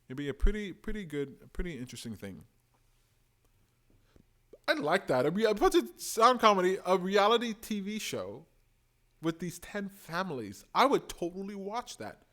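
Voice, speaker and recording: A man hosting a live stream, giving opinionated, animated commentary and reading out viewer comments. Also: high voice, normal speed, long pauses. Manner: opinionated, animated, talks to chat.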